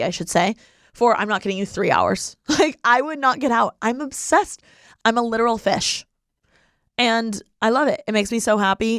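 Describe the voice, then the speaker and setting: A woman's voice: on the low side, dry recording, clean studio sound. Bubbly young woman podcast host. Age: 20s. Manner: bubbly, giggly, lots of "like" fillers. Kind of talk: casual chat. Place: living in LA.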